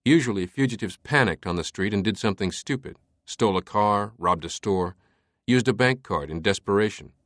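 A male audiobook narrator with a low voice, reading a thriller in a steady, measured way. The recording is dry and close, with no room sound. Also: no room sound.

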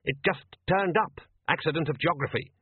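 Man voicing a stubborn blustering father, husky, thin phone-like sound. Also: a little high, normal speed, no room sound, voice pushed up. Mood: grumbling. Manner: blustering and indignant. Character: grumpy stubborn raft-going father, male, middle-aged. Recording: tinny lo-fi dry recording.

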